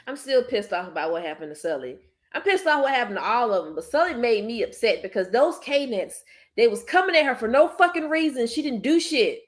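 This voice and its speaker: A woman's voice: a little high, lively intonation, brisk. A woman hosting a podcast in casual chat, speaking bluntly and emphatically, swearing freely. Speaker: podcast host.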